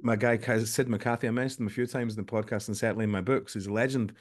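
A man's voice: lowish voice, steady tone, quick pace. A Scottish man hosting a podcast interview, talking in a loose, rambling way and acting out other people's voices. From Scotland. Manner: rambling, acts out quoted voices. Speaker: podcast host. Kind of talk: casual interview chat.

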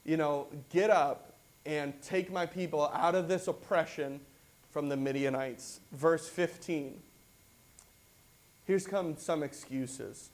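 Male pastor, high-pitched, conversational sermon delivery, reads verses and unpacks them. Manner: conversational preaching, reads scripture then explains it; acts out quoted voices with rising excitement.

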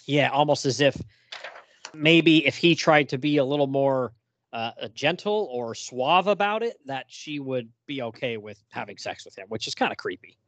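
In a casual comic review, this male podcast co-host speaks at a normal speed with a medium-pitched, expressive, fairly bright voice and no room sound. Chatty and quick to laugh, he reads quotes out loud.

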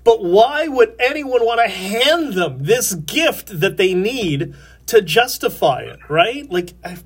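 A man's voice: sits high, sing-song, slow pace, breathy edge. A man hosting a livestream interview, conversational, backing up his guest with short agreements. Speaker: host.

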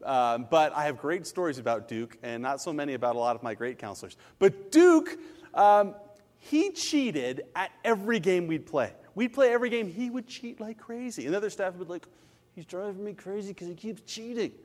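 A male pastor delivers a sermon with a bright, high-pitched voice that leaps up and down. He tells stories with real animation and acts out the people he quotes. His words ring through a large hall with a long reverb. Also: big pitch swings, moderate pace.

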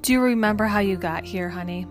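A woman voicing a kind female doctor who speaks softly and soothingly, calling her patient dear and honey, in a story read over music. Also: mid-range voice, quick pace, close to an everyday voice. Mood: gently reassuring. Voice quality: soft, gentle. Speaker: hospital doctor. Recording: music playing underneath.

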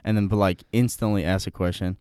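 A young man rambling through a casual podcast conversation, full of fillers and restarts. His voice sits low and resonant, recorded close and dry. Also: fairly even intonation, fast, a little mellow, clean tone, dry recording.

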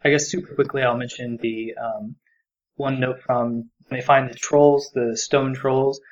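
A man's voice: medium pitch, steady tone, measured pace, dull audio. A man co-hosting a podcast, talking enthusiastically about a book and rambling with many fillers. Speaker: podcast co-host. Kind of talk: casual book discussion.

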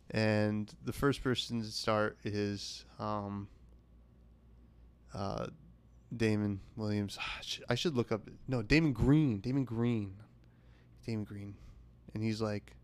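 A man's voice: on the low side, steady tone, a little slow, clean tone, no echo. A young man hosting a podcast, telling a rambling, self-mocking comic story and acting out other people's lines. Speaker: podcast host. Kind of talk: comedic storytelling monologue.

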